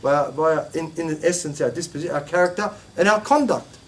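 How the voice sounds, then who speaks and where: Animated, higher-pitched male religious teacher. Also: fast talker. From Australia. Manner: animated, rhetorical questions, emphatic. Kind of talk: classroom religious lesson.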